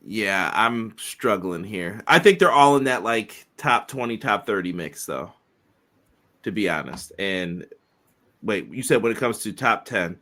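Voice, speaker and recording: A man co-hosting a casual wrestling podcast, talking in a loose, chatty way. His voice is bright and forward. He keeps stopping to read out comments from listeners. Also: lowish voice, lively intonation, a little slow. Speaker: podcast co-host.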